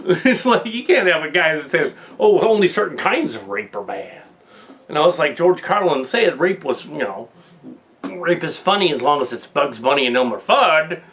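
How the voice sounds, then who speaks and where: A male host riffing through a loose political commentary monologue, his voice sitting a touch higher than most men's. He trips over restarts, doubles back on his words and breaks into chuckles at his own jokes. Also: animated, normal speed, a bit bright.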